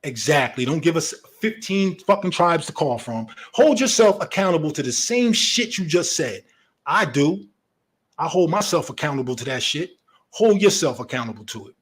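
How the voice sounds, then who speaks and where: Animated, combative man ranting. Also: on the high side, normal speed. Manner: confrontational, profane, animated. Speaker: online commentator. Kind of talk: heated commentary rant.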